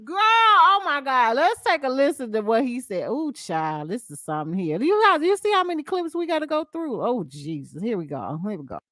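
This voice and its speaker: A Southern US woman hosts a casual gossip show, chatty and full of asides. Her voice sits fairly high, and the sound is close and dry with no room around it. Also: very animated, moderate pace, hardly any pauses, sharp tone, dry recording. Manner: chatty, reads posts aloud with laughs and asides. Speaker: podcast host.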